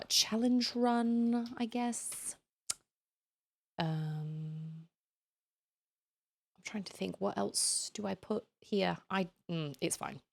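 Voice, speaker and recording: Slow, chatty woman streamer. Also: fairly low pitch, creaky. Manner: chatty, rambling, thanks viewers by name. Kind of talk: casual live-stream chat.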